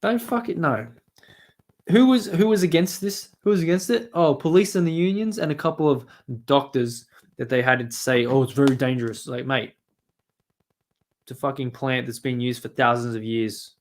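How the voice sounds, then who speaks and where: A man's voice: mid-range voice, normal speed. A man with an Australian accent chatting and ranting casually on a stream, swearing often. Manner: ranting, swearing, mumbling asides. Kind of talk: casual profane stream chat.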